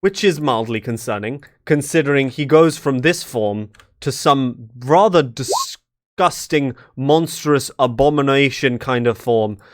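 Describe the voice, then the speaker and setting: A man's voice: medium pitch, expressive, measured pace. Young guy running a tabletop game, rambly with lots of ums and likes. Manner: loose, with many fillers and restarts. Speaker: dungeon master.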